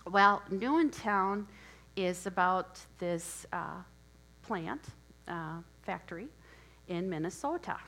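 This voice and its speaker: A woman's voice: mid-range voice, fairly bright tone, rough recording. A woman from Wisconsin giving a sermon, telling a story conversationally with asides and questions to listeners. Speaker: preacher.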